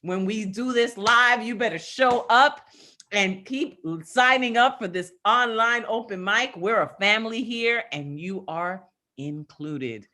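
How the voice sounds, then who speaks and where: A woman's voice: fairly high pitch, unhurried, bright, forceful tone. A woman hosting an online open mic over a video call, gushing and emotional as she wraps up.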